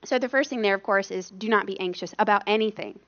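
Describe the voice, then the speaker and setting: A woman's voice: mid-range voice, fast, dull audio. Conversational woman sharing a testimony. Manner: conversational, acts out quoted voices. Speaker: missionary speaker. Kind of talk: personal testimony talk.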